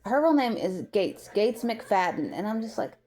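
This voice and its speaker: A woman's voice: mid-range voice, big pitch swings, moderate pace, darkish tone. A woman from the United States giving a rambling, opinionated commentary in a casual vlog, full of filler words. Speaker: vlogger.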